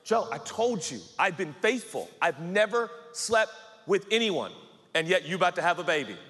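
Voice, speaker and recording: A man voicing Mary, a distraught young woman pleading through tears in a shrill, emotional voice. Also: big pitch swings, normal speed, fairly bright tone. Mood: insistent. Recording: echoey hall with faint ambience.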